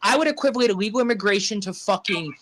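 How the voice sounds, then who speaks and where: A man with a high, light voice rants his way through a casual podcast chat. He swears freely and fires off one rhetorical question after another, talking over his co-hosts into a remote podcast mic. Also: racing, fairly bright tone. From Arizona. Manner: profane, ranting, rhetorical questions. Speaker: podcast co-host.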